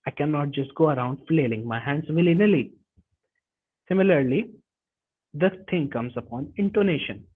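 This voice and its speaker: Husky man lecturing over a tinny web call. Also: fairly high pitch, animated, normal speed, long pauses. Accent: Indian English. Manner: explanatory, frequent restarts and self-corrections. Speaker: webinar instructor. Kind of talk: live online lecture. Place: home or office, online webinar. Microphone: computer mic over a web call.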